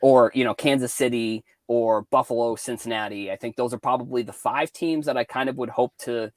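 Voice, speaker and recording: A man from Cape Cod chatting casually as a guest on a call-in show, halting with many restarts and likes. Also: mid-range voice, no echo. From Cape Cod, Massachusetts.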